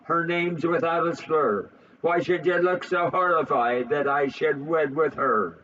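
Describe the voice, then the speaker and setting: A man's voice: fairly high pitch, a little slow, a bit bright, recorded from a distance, muffled recording. A man voicing a lovesick, heartbroken young nobleman son, pleading and anguished. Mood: indignant.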